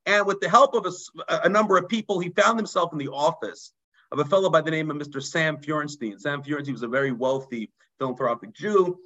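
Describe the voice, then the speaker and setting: A man, a rabbi telling a story in a mussar sermon, dropping low and quiet for emphasis. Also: brisk, poor audio. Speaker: rabbi teaching a mussar class.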